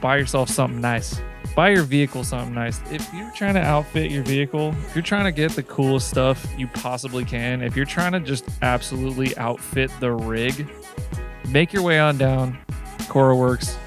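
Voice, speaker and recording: A man's voice: medium pitch, moderate pace, over music. A man hosting a podcast, doing a loose, joking sponsor read full of slang. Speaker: podcast host reading a sponsor spot.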